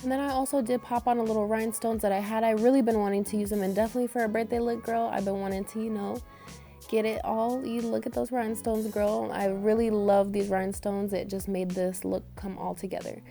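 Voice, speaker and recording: A woman's voice: mid-range voice, level tone, a little fast, gravelly, mellow, soft background music. A young woman vlogger narrating a makeup tutorial in an upbeat, chatty way, her voice a little harsh from being sick. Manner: chatty, upbeat, addresses viewers as beauties and girl. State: getting over an illness, voice a bit harsh. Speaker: beauty vlogger.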